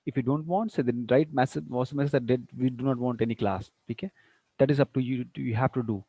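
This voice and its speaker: Male teacher giving an online class, unhurried and repetitive, dry and slightly muffled. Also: mid-range voice, fairly even intonation, slightly rough, dry recording. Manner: unhurried, repeats words while planning. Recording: dull lo-fi sound.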